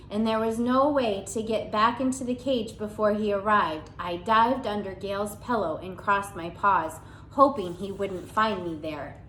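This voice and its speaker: Woman gently reading a storybook aloud. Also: medium pitch, echoey room, a little hiss or hum, low-quality recording. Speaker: audiobook reader. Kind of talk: audiobook narration in first person.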